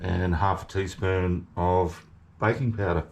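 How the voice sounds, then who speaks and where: A man hosting his home cooking channel, talking through each step in a relaxed, chatty way from his kitchen. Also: deep voice, a little slow. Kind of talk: casual cooking demonstration.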